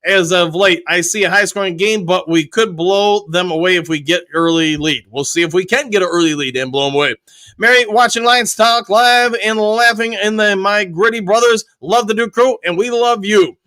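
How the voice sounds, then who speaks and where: Guy from michigan hosting a live stream, reads chat out, high bright voice, dry close sound. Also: moderate pace, dry recording. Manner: reads viewer chat messages aloud and answers them. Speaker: host. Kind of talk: live fan show chat.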